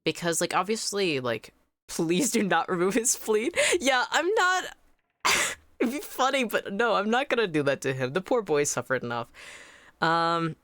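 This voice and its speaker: A woman's voice: mid-range voice, animated, moderate pace, fairly bright tone, no echo. A woman streamer giving casual, chatty commentary on a game, with many fillers.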